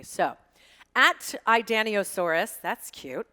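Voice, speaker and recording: A woman's voice: medium pitch, normal speed, in a large hall, over a noisy crowd. Sassy woman reading tweets live. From United States. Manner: animated, joking, sassy asides. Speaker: guest reading tweets on stage. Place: event space with audience.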